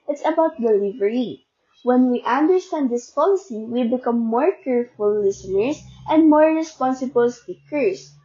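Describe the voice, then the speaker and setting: A young woman walks through a class report in a mellow, slightly high voice. She explains carefully and leans on the key words of each example. The recording sounds dull and lo-fi. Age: young adult. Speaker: student presenter.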